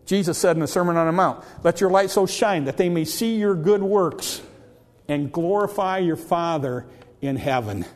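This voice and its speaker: A man's voice: on the high side, lively intonation, normal speed, big-room sound. A man preaching a sermon as a pastor, emphatic, with frequent repetitions and restarts.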